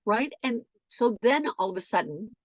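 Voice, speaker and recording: A middle-aged woman in casual storytelling chat, animated and profane, acting out shouted quotes. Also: a little high, moderate pace, no echo, studio quality.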